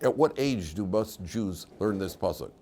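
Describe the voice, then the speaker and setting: Older rabbi teaching an animated class. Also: male voice, lowish voice, normal speed, a little hiss or hum. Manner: animated, conversational, mixes Hebrew quotes with English explanation. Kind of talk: Torah class lecture.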